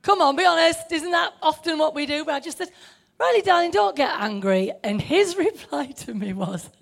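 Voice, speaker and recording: A woman's voice: sits high, lively intonation, fairly quick, vocal fry. An older woman preaching an informal sermon, chatty, laughing often and putting questions to her listeners.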